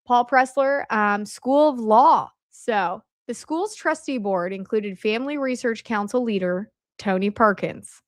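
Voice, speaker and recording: Woman vlogger, casual, filler-heavy commentary, fairly high voice, strained and worn, dry close sound. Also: moderate pace, hardly any pauses, no room sound. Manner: conversational, with frequent fillers and asides. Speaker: video host. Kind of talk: casual commentary over on-screen slides. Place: at home, at night. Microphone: camera mic at a desk.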